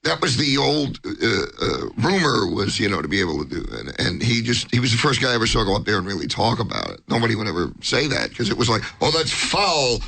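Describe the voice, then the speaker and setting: Man, comedian guest, rambling storyteller, stammers and restarts, gravelly, bright tone. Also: fairly low pitch, fast talker, hardly any pauses. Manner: animated, acts out others' lines. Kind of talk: rambling anecdote.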